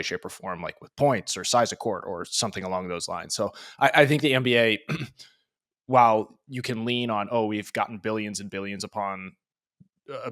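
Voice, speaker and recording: Low-voiced man thinking aloud. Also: fairly bright tone. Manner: thinking aloud, restarts, measured. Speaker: podcast co-host. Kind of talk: casual sports talk.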